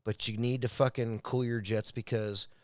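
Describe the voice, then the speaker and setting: A man's voice: mid-range voice, flat delivery, moderate pace, no echo. A man reacting to a clip in a casual rant, profane and agitated, often stumbling and repeating words.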